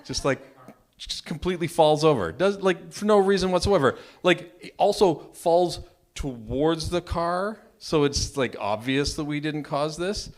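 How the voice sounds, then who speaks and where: A married man telling a true personal story at a live open mic, animated and self-mocking, often restarting his sentences. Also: on the high side, unhurried. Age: adult, married. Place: storytelling venue, live event.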